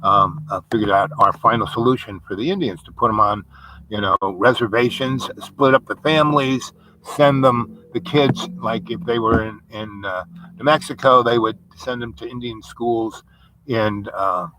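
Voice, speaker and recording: Rambling man with a bright voice. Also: medium pitch, steady tone, moderate pace, slight background noise, low-quality recording. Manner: meandering, full of fillers and asides. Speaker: storyteller. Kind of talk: rambling personal dream story.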